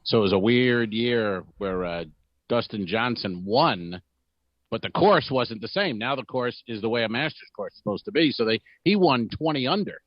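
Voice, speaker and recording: A man co-hosting a comedy podcast, chatting casually in a rambling way with quick asides. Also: medium pitch, lively intonation, no room sound, dull audio. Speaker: podcast co-host.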